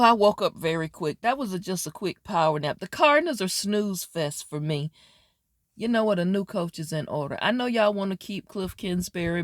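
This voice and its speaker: A woman doing a casual sports wrap-up, sassy and animated, talking straight at teams and players. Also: lowish voice, no echo, clean studio sound. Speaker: sports commentary vlogger.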